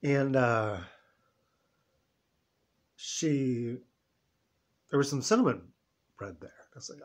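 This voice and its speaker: Here a man in his fifties vlogs about something personal and emotional, rambling sincerely and playing out his own words in quoted voices. He speaks at medium pitch, taking his time and pausing often.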